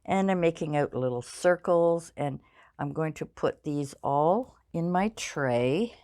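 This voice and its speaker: An older woman talks through her crafting in a low, slow voice. She rambles in an easygoing way and pokes fun at herself. Her speech is full of fillers and restarts. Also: lively intonation, warm tone. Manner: rambling, self-deprecating, many fillers. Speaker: crafting channel host. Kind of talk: casual crafting vlog chat.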